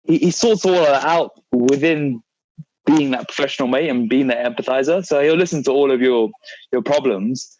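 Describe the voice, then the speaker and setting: A man hosts a relaxed fitness chat and leads it along with questions. His voice is mid-pitched. The sound is dry and slightly muffled. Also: moderate pace, no echo. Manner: conversational, steering the talk with questions. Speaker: podcast host and fitness coach. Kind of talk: casual podcast chat.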